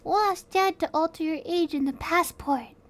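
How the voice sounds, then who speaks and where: A woman's voice: very high-pitched, moderate pace, voice pushed up. A woman voicing a small, anxious little sister who talks in an earnest, pleading way. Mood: chatty. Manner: chatty, earnest, childlike pleading.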